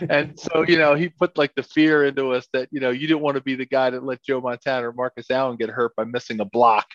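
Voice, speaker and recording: A man's voice: mid-range voice, no echo, muffled recording. A middle-aged man, a former football lineman, telling stories as a guest in a casual interview, rambling and repeating words with many fillers.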